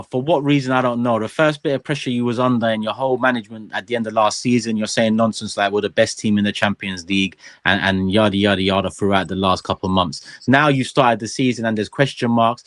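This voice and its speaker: A man's voice: mid-range voice, no echo, studio quality. A man on a football fan panel sounding exasperated and sarcastic. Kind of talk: heated panel talk.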